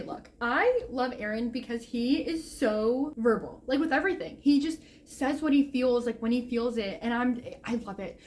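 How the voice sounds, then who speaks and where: A young adult woman with a high-pitched, slightly mellow voice vlogs casually about the books she's reading, rambling and gushing with plenty of "like." She's recording in a room at home, and the sound is bad.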